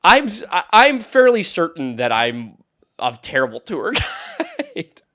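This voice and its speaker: A man's voice: high voice, wildly swooping pitch, takes it slowly, bright, forceful tone. A young man, a podcast co-host, telling stories in casual chat, rambling with many restarts and frequent laughter. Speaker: podcast co-host and tour guide.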